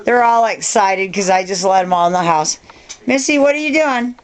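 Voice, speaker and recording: An older woman at home filming a casual video, chatting to the camera and calling to her dogs in a high sing-song voice. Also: normal speed. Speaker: dog owner filming her pets. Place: home, indoors.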